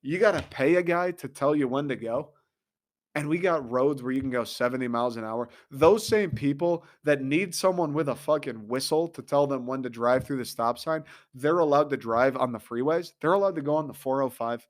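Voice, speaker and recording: A man's voice: medium pitch, moderate pace. Exasperated man ranting with profanity. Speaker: podcast host. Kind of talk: comedic rant.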